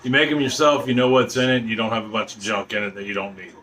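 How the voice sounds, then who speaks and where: A man's voice: fairly low pitch, level tone, quick pace, fairly bright tone, a little hiss or hum. A man hosting a casual home cooking video in his kitchen, chatty and rambling, often restarting his sentences. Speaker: home cooking channel host.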